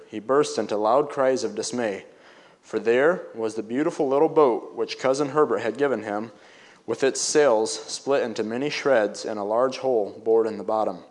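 A man reading an old-fashioned story aloud, now and then pausing to explain it in plain words. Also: mid-range voice. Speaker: story reader.

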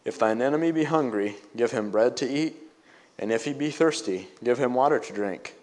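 A man voicing a kind grown-up cousin in a read-aloud story, speaking with quiet, gentle counsel. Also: mid-range voice, moderate pace, close to an everyday voice. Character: kindly grown cousin, calm and wise.

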